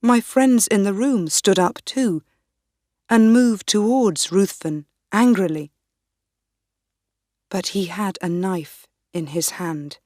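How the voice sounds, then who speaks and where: Slow, deliberate woman storybook narrator. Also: mid-range voice, a little mellow, no room sound, clean studio sound. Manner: slow, clear, deliberate reading. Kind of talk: graded reader audiobook, first-person narration.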